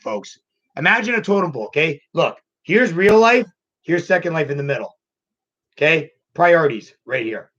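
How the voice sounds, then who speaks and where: Bright-voiced man telling a story. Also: mid-range voice. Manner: emotional, rambling, repeats himself. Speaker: channel host. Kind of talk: casual storytelling vlog. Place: home computer room. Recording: dull lo-fi home recording.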